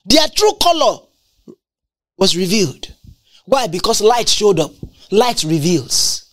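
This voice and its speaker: A woman's voice: medium pitch, big pitch swings, takes it slowly. A woman preaching a sermon with emphatic, repetitive delivery and scripture quotations. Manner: emphatic, repeats lines for effect, quotes scripture.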